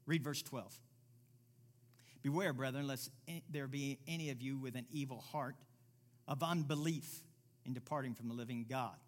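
A man preaching a sermon as pastor, reading scripture aloud and building from quiet, low passages to loud, emphatic ones. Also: normal speed, pauses often. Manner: reads scripture aloud and voices imagined listeners.

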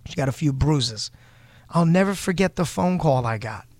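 A man's voice: a little high, animated, normal speed, darkish tone, dry recording. A man hosting a casual talk show, ranting bluntly and heatedly, swearing as he vents. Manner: blunt, heated, swearing, quotes others in put-on voices. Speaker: show host. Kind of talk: casual podcast rant.

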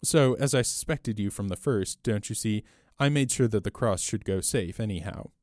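A man reading aloud and voicing a small, mild older priest with a gentle, apologetic, quietly shrewd manner. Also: fairly low pitch, moderate pace, dry recording, studio quality, natural voice.

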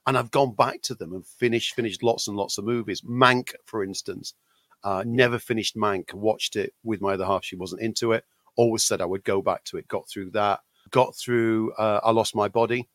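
A British man, a podcast co-host, chatting casually with a gravelly voice while recovering from illness, often repeating words. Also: on the low side, steady tone, normal speed, a bit bright, dry recording. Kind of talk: casual chat.

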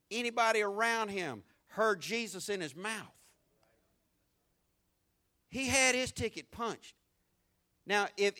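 High, bright-voiced preaching pastor. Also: male voice. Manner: preaching with sweeping shifts between shouted and hushed delivery; folksy and conversational. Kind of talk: sermon.

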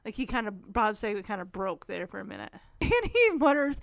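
A woman's voice: sits high, brisk, no room sound, clean studio sound. A woman giving a casual, giggly recap of a sitcom episode, animatedly acting out the lines. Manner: giggly, animated retelling with voices. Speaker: vlogger.

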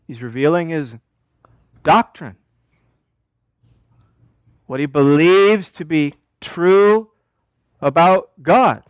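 Male pastor, high voice, emphatic sermon delivery, rhetorical questions, dry recording. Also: takes it slowly, pauses often, no room sound. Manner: emphatic, asks rhetorical questions and answers them. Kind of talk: expository sermon.

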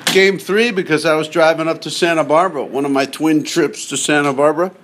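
A man's voice: a little high, steady tone, brisk, fairly bright tone. A man hosting a podcast, talking in a chatty, digressive way and often cutting himself off while he sits in a car. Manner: chatty, digressive, self-interrupting. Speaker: podcast host. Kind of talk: casual rambling monologue.

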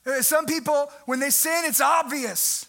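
A young man preaching a sermon, animated, with sudden jumps in pitch and loudness for emphasis, mimicking the people in his story. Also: unhurried, gravelly, soft background music. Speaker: pastor.

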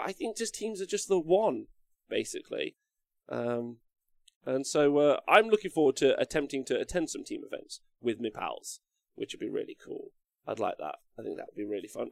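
A man's voice: medium pitch, gravelly, no room sound, clean studio sound. A young man hosting a casual livestream, rambling, reading chat comments aloud and swearing freely. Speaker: livestream host.

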